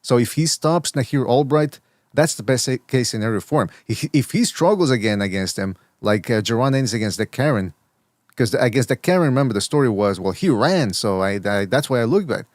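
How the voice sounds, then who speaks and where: A man hosting a boxing podcast in loose, rambling chat. He keeps stumbling into restarts and repeated words, at a medium pitch, and his voice sits close and dry with no room sound around it. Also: animated, brisk, a little mellow, no echo. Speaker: podcast host. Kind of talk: casual boxing talk.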